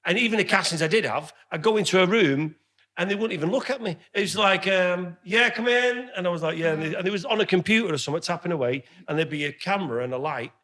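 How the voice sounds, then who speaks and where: Fast-talking, with a high-sitting, slightly bright voice, this Northern English man co-hosts a laid-back pub podcast. He tells candid stories and swears plenty.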